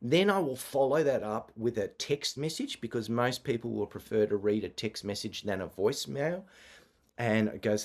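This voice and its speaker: A man's voice: medium pitch, expressive, normal speed, a little mellow. A man presenting an online marketing masterclass over a video call, talking conversationally with frequent fillers and restarts.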